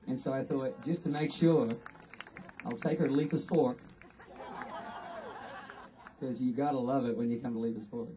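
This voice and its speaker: Mellow Australian man, earnest speech. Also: medium pitch, fairly even intonation, recorded from a distance, a faint crowd, a little hiss or hum, rough recording. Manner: earnest, unhurried, with frequent pauses. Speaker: award inductee. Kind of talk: acceptance speech. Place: outdoor ceremony.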